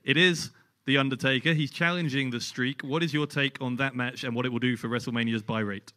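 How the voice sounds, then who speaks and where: A man's voice: medium pitch, fairly even intonation, a little fast, bright, forceful tone. A man hosting a live stage Q&A, politely steering the talk on to the next question. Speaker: show host asking questions.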